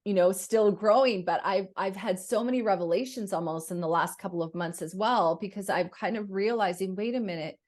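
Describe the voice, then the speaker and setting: A woman's voice: medium pitch, fairly quick, few pauses, darkish tone. A woman hosting a podcast, chatting reflectively and asking her guest questions, with plenty of fillers. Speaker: podcast host. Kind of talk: conversational interview.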